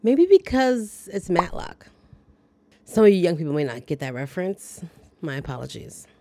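A woman's voice: lowish voice, sing-song, moderate pace, warm tone. A woman podcast host giving a chatty, wry, dryly joking casual recap of a movie. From lives in the American South.

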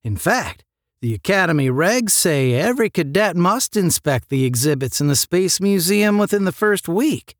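A man voicing a cocky young cadet candidate who talks smoothly and confidently. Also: high voice, animated, moderate pace, no room sound, clean studio sound, voice pushed up. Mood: smug.

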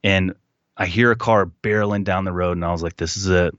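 A man guest telling a personal story in a casual, animated way, acting out what people said. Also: low voice, a little fast, dry recording, highs cut off. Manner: animated retelling, acting out quotes. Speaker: podcast guest.

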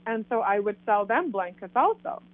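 Canadian woman, lively storyteller voicing quoted lines, heard through a thin, phone-like line. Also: medium pitch, moderate pace, dry recording. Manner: animated, acts out quoted dialogue. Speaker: guest telling her story. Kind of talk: casual storytelling. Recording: tinny phone line, dry.

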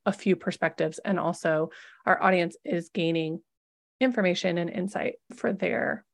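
Woman host, former nurse, chatty interviewer, noticeable vocal fry. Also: on the low side, steady tone, normal speed. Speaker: podcast host, labor and delivery nurse. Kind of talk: casual podcast conversation.

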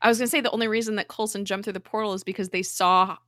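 A woman's voice: medium pitch, steady tone, rapid-fire, a bit bright, no echo. Easygoing woman, dry close sound. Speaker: podcast co-host. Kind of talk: casual chat.

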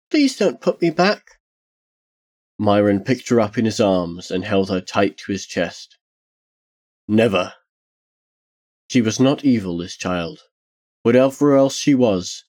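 Man, narrator, dark fantasy story, solemn, measured, slow, low-pitched.

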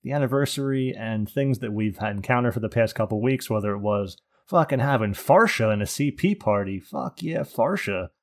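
A man's voice: lowish voice, lively intonation, normal speed, few pauses. A man hosting a casual gaming podcast, crude and sardonic, swearing often. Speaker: podcast host.

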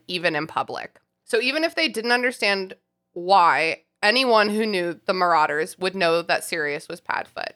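A woman's voice: mid-range voice, sharp tone. A woman co-hosting a casual podcast, reading a listener email aloud with giggles and self-mocking swearing. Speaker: podcast co-host.

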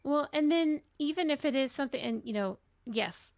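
Gravelly-voiced woman chatting casually. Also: high voice, animated, normal speed, darkish tone. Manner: chatty, explains with personal examples. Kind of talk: casual conversation.

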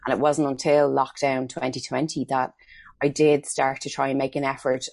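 Brief: middle-aged Irish woman guest, low and gravelly, chatty storyteller. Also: level tone, moderate pace, a little mellow, no echo. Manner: chatty, storytelling with acted-out quotes. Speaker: guest, makeup artist. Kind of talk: casual interview chat.

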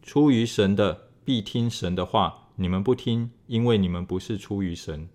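A man reading scripture aloud in a measured, even way. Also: fairly low pitch. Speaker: scripture reader.

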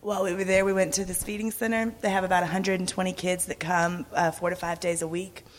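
Woman with a lost, raspy voice giving a casual church talk in an echoing hall. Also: lowish voice, level tone, quick pace, slight background noise. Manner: laughs often, chatty. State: hoarse, lost her voice. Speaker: mission trip speaker. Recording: echoey hall.

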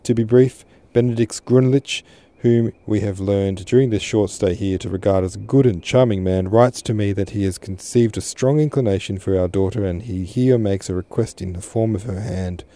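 A man's voice: lowish voice, mellow, lightly acted. A man voicing a formal, serious older merchant addressing his daughter. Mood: formal grave. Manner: measured, formal.

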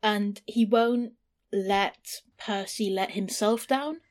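A woman, co-hosting a casual book discussion in an enthusiastic, expressive way. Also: medium pitch, takes it slowly.

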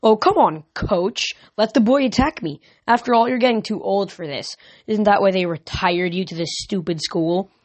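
A man's voice: sits high, expressive, unhurried, few pauses. A man reading aloud and voicing a taunting young male storm spirit villain with a mocking, sneering manner.

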